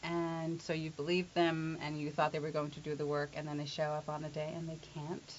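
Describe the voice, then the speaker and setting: A woman working as an accent coach and actress, telling stories in an animated, chatty way. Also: low-pitched, brisk. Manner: chatty, animated storytelling with laughs. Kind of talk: casual conversation. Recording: lo-fi with faint hiss.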